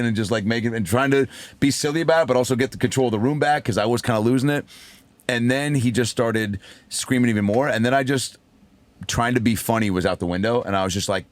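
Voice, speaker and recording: A man, a comedian, telling a story in a casual podcast chat, animated, acting out voices and swearing freely. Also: on the low side, fast talker. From raised by a single mother. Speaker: comedian guest.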